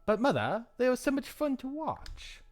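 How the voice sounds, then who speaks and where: Man doing earnest young princess, raised and sincere, lively lilt. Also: very high voice, moderate pace, voice pushed up. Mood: pleading. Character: young cursed princess narrating, curious and earnest.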